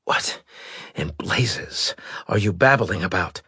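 Casting: man playing a wheezing, obstinate old admiral, deep and husky. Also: expressive, measured pace, pushed and bright, dry recording, exaggerated voice. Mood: indignant. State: hoarse, breathless whisper. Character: wounded old male admiral, weak and stubborn.

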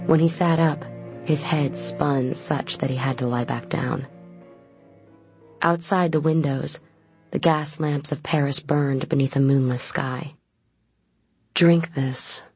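A narrator reading a gothic novel aloud in measured, even storytelling. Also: medium pitch, slightly rough, no room sound. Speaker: audiobook narrator. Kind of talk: scripted narration.

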